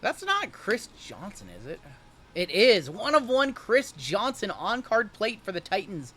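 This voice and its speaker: A young man hosting a live-streamed card break, joking and hyping each pull in rapid running banter. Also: sits high, huge pitch swings, pushed and bright, husky.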